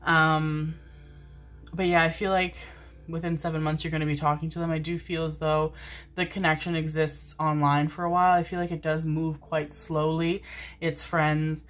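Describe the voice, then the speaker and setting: A woman with a low-pitched voice reads tarot cards for her viewers in a relaxed, meandering way. She speaks affectionately, drifts between thoughts, and keeps calling her audience her babies while sitting at her desk mic. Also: moderate pace. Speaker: tarot reader. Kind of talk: casual tarot reading to camera. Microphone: desk microphone, seated in a chair.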